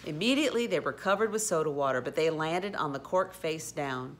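A woman reading a children's storybook aloud, expressive with occasional slips and restarts. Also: sits low, a little fast. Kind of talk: storybook read-aloud narration.

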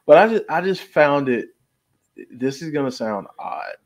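A man's voice: a little high, sing-song, a little slow. A man co-hosting a podcast in casual chat, careful and hesitant with many restarts. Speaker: podcast co-host.

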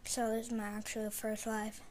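Excitable gamer woman muttering live commentary. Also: moderate pace, a little hiss or hum. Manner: mostly muttered low, with sudden loud exclamations. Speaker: gamer streaming live play.

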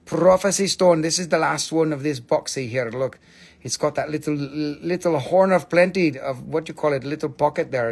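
Excitable, higher-pitched man selling crystals. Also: moderate pace. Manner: excitable, swearing, playful, non-native phrasing. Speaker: live sale host. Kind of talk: live-stream crystal sale.

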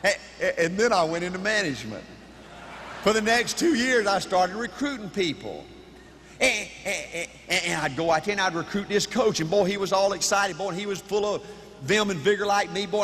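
A man giving an emphatic, repetitive motivational speech to a crowd in a large hall, with bursts of shouting. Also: sits high, fairly quick, a little hiss or hum. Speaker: motivational speaker. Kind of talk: high-energy motivational speech.

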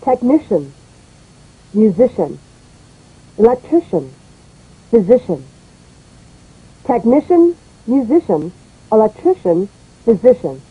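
A woman's voice: a little high, very animated, takes it slowly, pauses often, narrow, tinny audio. A woman reading lines in a scripted English pronunciation drill, saying each word and sentence twice. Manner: clear, repeats each word and line twice.

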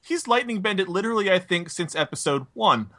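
Lively young man, musing and laughing. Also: sits high, brisk, no room sound, clean studio sound. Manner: musing, laughs easily, corrects himself. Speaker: podcast co-host. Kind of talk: casual chat.

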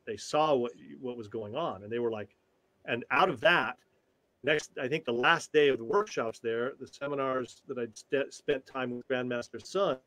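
Older male tai chi teacher, animated storyteller with many restarts, dry close sound. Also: medium pitch, no room sound. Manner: animated, halting, with frequent restarts. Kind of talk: storytelling in a conversational interview.

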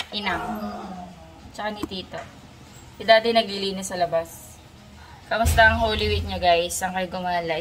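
With background music running over her voice and a little noise behind it, a young mother from the Philippines talks in a casual home vlog. Her mid-range, slightly bright voice is gentle as she coaxes her child, slipping between English and Tagalog.

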